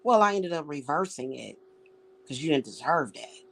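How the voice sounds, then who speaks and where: A woman's voice: low-pitched, lively intonation, normal speed. A woman vlogger delivering an angry, profane rant straight at someone, repeating her words as she talks. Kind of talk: angry direct-address rant.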